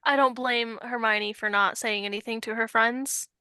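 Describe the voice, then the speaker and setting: Woman co-host, bright sharp voice, rambly self-deprecating chat, dry sound. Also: a little high, fairly even intonation, moderate pace, smooth, no echo. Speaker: podcast co-host. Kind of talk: casual chat.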